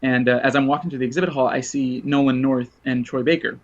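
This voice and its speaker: A man in casual podcast chat, spinning long rambling anecdotes and breaking into laughter. His voice sits at a middling pitch, and the recording is dull and lo-fi. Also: quick pace. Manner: rambling storyteller, laughs often, lively retold quotes. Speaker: podcast guest.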